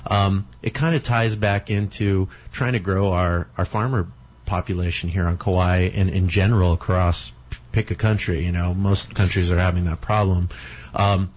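Male talk-show host, deep and breathy, easygoing with frequent restarts; dull lo-fi recording. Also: fairly even intonation, moderate pace. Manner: rambling, many restarts. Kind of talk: casual radio talk. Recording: dull lo-fi sound.

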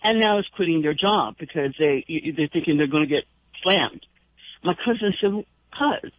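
The host of a call-in radio show, a man, speaks at normal speed in an expressive voice on the high side. He's indignant and impassioned, rambling with frequent restarts, and the broadcast sounds dull and lo-fi.

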